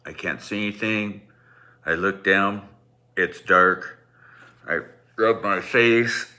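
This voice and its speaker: A man's voice: deep voice, takes it slowly, bright, forceful tone. A middle-aged man telling a personal story in a rambling, self-deprecating way, with many restarts.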